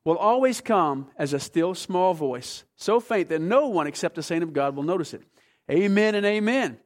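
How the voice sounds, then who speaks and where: A man preaching a sermon as pastor, emphatic, swinging between hushed, slow passages and forceful ones. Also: on the high side.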